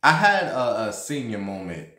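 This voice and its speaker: A man's voice: lowish voice, very animated, moderate pace, sharp tone, roomy sound. A man in his thirties hosting a vlog, telling a story in a loose, profane, chatty way with lots of fillers. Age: 30s. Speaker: vlog host. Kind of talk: casual storytelling and gossip chat.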